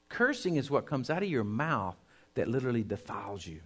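A pastor delivering a sermon in a mid-range male voice. He preaches with emphasis, swinging from quiet, intimate lines to loud declarations, and keeps turning to address his listeners directly. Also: mid-range voice, big pitch swings, a little fast, breathy edge.

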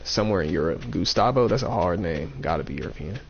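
Gravelly-voiced man narrating his gameplay. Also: low voice, animated, fast, lo-fi sound, slight background noise. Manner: thinking aloud, repeating himself, playful. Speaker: gaming streamer. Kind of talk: casual let's-play commentary.

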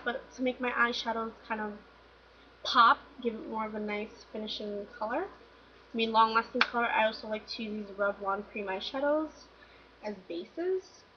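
A woman's voice: fairly high pitch, slight background noise. A young woman casually reviewing beauty products in a chatty, upbeat way, with lots of fillers, filmed at home on a webcam. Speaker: beauty vlogger. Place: home room at a table. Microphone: webcam mic. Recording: dull lo-fi 2011 webcam audio.

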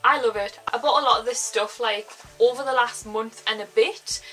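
A woman's voice: a little high, moderate pace, a bit bright, soft background music, poor audio. A young woman with a North East English accent, rambling cheerfully through a clothing haul at home, full of "like" fillers. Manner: rambling, filler-heavy, says "like" often. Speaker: fashion vlogger. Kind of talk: chatty haul vlog. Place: home, indoors.

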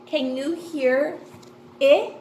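Slow excited lady teaching phonics to little kids, high voice, bit of hiss. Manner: slow, sing-song and excited, gasping with delight. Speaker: kindergarten teacher. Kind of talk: online lesson for young children. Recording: echoey room with faint noise.

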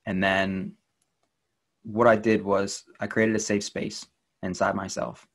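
Interview guest, man, coach type, lowish voice, earnest and encouraging. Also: level tone, takes it slowly. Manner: earnest, gentle and encouraging, with repetition for emphasis. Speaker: inner child life coach. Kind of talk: interview guest, reflective talk.

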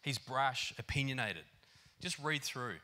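A man preaching a sermon in an animated, conversational way, with lots of fillers. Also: mid-range voice, a little slow. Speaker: pastor. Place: church hall.

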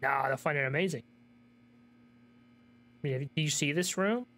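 A man's voice: a little high, normal speed, a bit bright, a little hiss or hum. Laid-back man reacting to a game. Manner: amused, laughing reactions. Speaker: gameplay commentator. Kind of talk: casual let's-play commentary.

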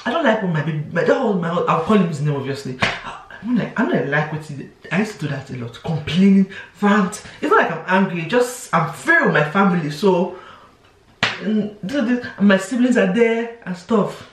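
A woman's voice: mid-range voice, expressive, brisk, noisy background. A young woman, chatting casually to camera as a vlogger. She restarts her sentences often and slips into quoted voices. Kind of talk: casual confessional chat to camera. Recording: roomy, voice from a distance.

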